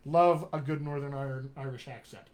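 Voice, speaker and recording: A man with a General American accent, a dialect coach giving a chatty, upbeat live-streamed session and spelling out web addresses slowly. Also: medium pitch, steady tone, a little mellow.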